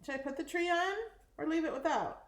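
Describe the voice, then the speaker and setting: A woman's voice: sits high, fairly quick, reverberant. A woman hosting a live crafting stream, chatting in a friendly way and laughing easily as she works. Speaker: host crafter.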